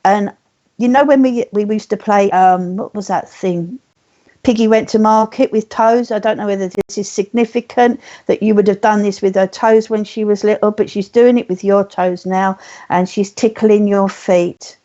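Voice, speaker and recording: A woman working as a spiritualist medium, gently passing on messages in a live online reading, speaking softly and slowly. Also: mid-range voice, fairly even intonation, dull audio.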